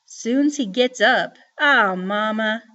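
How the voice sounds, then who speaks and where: A woman's voice: high voice, big pitch swings, measured pace, dull audio, voice pushed up, exaggerated voice. A woman voicing an upset, worried mother with a Southern accent in an audiobook. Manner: upset, pleading. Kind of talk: audiobook character reading.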